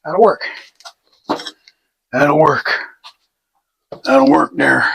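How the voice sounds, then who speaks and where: A man's voice: mid-range voice, very slow, creaky, long pauses, a bit bright, a little hiss or hum. A man hosting a casual do-it-yourself video, talking through his work in a rambling, self-deprecating way in his home garage. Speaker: DIY video host. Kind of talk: casual how-to narration while working.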